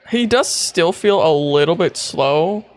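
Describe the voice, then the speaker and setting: Excitable streamer guy, unhurried drawl. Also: high-pitched, dry recording. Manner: excitable, gasping and squealing with laughter; swears casually. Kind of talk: casual live-stream commentary.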